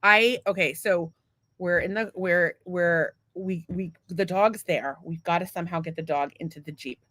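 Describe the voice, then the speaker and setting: A woman's voice: on the low side, normal speed, fairly bright tone, dry recording. Profane rambling woman storyteller. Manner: profane, rambling, self-mocking. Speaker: podcast co-host. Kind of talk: casual storytelling.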